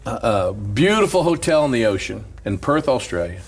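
A middle-aged man, a pastor, telling a story in animated casual chat and laughing often. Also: medium pitch, normal speed, husky.

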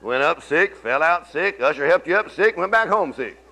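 A middle-aged pastor preaches with a bright, forceful edge to his slightly high voice. He tells homey stories in a conversational drawl, dropping to murmurs and then rising to ringing exclamations. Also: animated, normal speed, creaky. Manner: folksy storytelling preacher, swings from low murmurs to loud exclamations. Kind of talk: sermon.

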